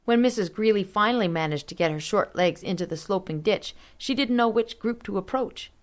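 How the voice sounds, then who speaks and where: A woman reading a story aloud as narrator in a steady, measured way. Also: medium pitch. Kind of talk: audiobook narration.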